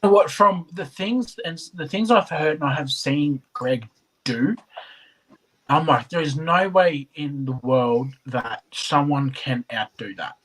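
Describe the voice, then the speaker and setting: A man's voice: a little high, measured pace, a bit bright, poor audio. A man giving earnest interview answers, full of stumbling restarts. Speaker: competitor.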